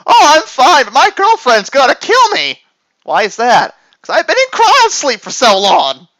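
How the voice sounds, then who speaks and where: A man doing a squeaky teenage boy clone. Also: measured pace, no echo, full character voice. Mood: chirpy. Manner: excitable, high-pitched.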